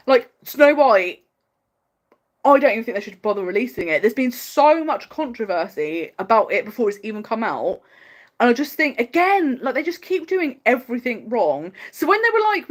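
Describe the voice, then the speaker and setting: On a casual livestream, a woman chats in a loose, rambling way, her fairly high, sing-song voice swooping up and down with lots of animation. She talks fast and freely, peppering her speech with "like," voicing strong opinions and laughing often.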